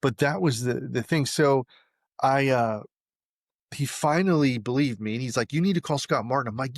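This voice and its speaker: At normal speed and in a mid-range voice, a man being interviewed recounts a story casually on a studio-quality recording without room sound. He's animated, acting out the lines of the people he quotes.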